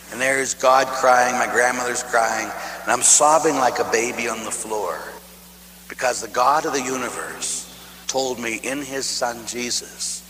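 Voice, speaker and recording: A priest telling a lively story in a sermon, swinging from hushed tones to loud shouts, from Pittsburgh. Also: male voice, medium pitch, slight background noise. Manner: animated storyteller, voices jumping from hushed to shouting. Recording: echoey hall.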